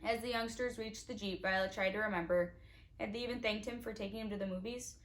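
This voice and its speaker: A woman's voice: mid-range voice, steady tone, quick pace. A woman reading a children's novel aloud in a casual way, with small slips and restarts. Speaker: audiobook reader.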